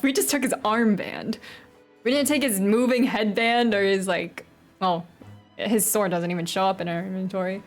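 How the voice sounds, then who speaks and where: Giggly self-conscious woman, casual streamer chatter, casual swearing, fairly high voice, faint game music. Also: normal speed. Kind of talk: casual gaming commentary.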